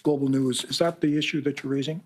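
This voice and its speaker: A man from Canada answering reporters' questions at a press conference, earnest and measured, sometimes reading passages aloud. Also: mid-range voice, fairly even intonation, a little hiss or hum. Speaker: special rapporteur answering reporters.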